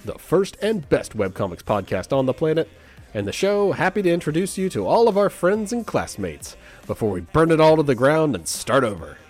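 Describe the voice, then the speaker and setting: Guy hosting a comics podcast, super bouncy pitch, teasing and laughing a lot. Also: moderate pace. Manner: jokey, laughs often, lively teasing. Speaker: podcast host. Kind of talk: casual podcast banter.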